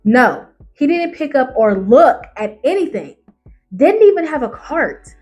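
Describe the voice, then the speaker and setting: High, lively, sassy woman reading stories. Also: a little slow, soft background music. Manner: sassy, loud outbursts, calls listeners baby and honey. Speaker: YouTuber reading online stories aloud. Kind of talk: animated reaction reading.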